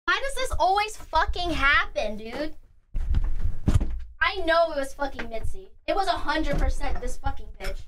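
A woman's voice: high voice, expressive, unhurried, sharp tone, slight background noise. A woman streamer chatting live to her viewers at her desk, exasperated and swearing freely. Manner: exasperated, swearing, talking to chat. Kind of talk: live stream reaction chat. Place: home room at a desk.

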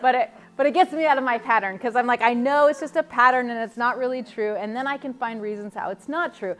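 A woman in her thirties who works as a motivational coach tells rambling, self-deprecating stories about her own life. She's animated, with a voice on the high side and a fast delivery.

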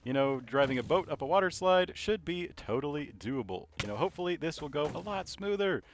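A man giving casual commentary over his gameplay, rambling and self-mocking, filling pauses with "you know". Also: fairly high pitch, expressive. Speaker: gaming video creator.

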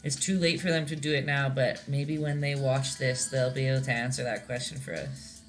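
Her voice is a rumbling low with a steady tone, and she talks at a normal speed while faint music plays behind her. She's a young Canadian painting instructor giving a casual live-stream lesson, chatty, giggly and rambling with plenty of fillers.

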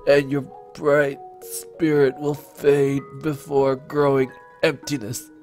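A man putting on the slow voice of a gentle, dying old grandfather. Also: a little high, completely flat delivery, faint music behind. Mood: tender. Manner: reads very slowly.

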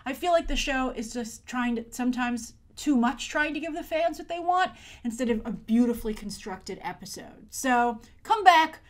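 A woman hosting a casual spoken TV review, animated, often acting out mocking voices in quotes. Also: high voice, moderate pace, few pauses. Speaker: film and TV reviewer, show host.

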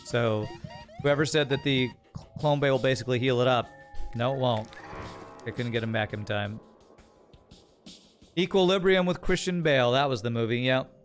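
Chatty male game streamer. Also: medium pitch. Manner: chatty, rambling, thinks aloud. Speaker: streamer playing a strategy game. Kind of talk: casual gameplay commentary, reading chat.

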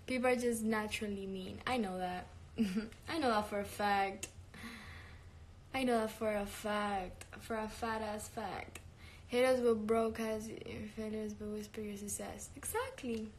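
A woman's voice: medium pitch, steady tone, a little slow, slight background noise. A young woman chatting casually on a livestream, brash and profane, laughing often. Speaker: singer on a live stream.

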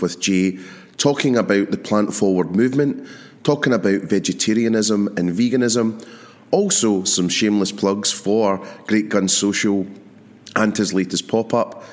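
A man hosting a food marketing podcast, chatting enthusiastically with plenty of fillers. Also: low-pitched. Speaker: podcast host. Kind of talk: casual podcast interview.

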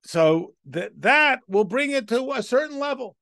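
Man teaching a Torah class, high voice, gravelly, reads text then explains, rhetorical questions. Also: animated, measured pace, fairly bright tone, no room sound, studio quality. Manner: reads Hebrew text aloud then translates. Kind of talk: Torah lesson.

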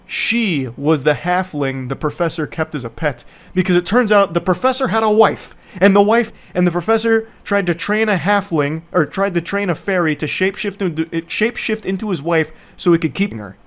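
A man's voice: sits high, a little fast, hardly any pauses. A young man giving casual, sarcastic movie commentary in a rambling, mocking way. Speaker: YouTube commentator.

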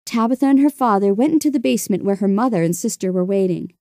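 Woman narrator, children's story, gentle, expressive, mellow tone, dry close sound. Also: mid-range voice, quick pace, no room sound.

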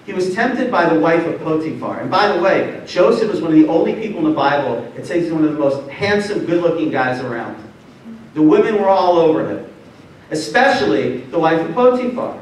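A rabbi giving a motivational talk to an audience, telling stories in a lively way and quizzing the listeners. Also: male voice, a little high, slight background noise. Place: large hall before an audience. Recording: echoey hall, distant mic.

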